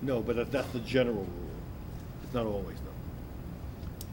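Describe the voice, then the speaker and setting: A man's voice: medium pitch, moderate pace. A man coaching singers in a masterclass, explaining patiently and often restarting his sentences. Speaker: vocal coach. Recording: noisy room recording.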